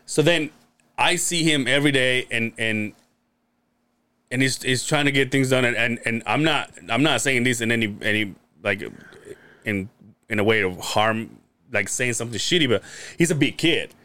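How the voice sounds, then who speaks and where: A man in casual podcast chat, talking at an ordinary pitch and telling his story in loose, looping sentences full of restarts and curses. The studio sound is dry and close. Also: moderate pace, sharp tone, clean tone, dry recording. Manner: rambling storyteller with many restarts; swears freely. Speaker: podcast guest.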